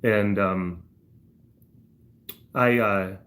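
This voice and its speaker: A man's voice: on the low side, steady tone, drawn-out words, a bit bright. A man livestreaming, telling a rambling anecdote full of fillers and restarts while chatting to his viewers. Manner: laughs through the story, voice jumps up for retold outbursts. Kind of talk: casual storytelling while reading chat.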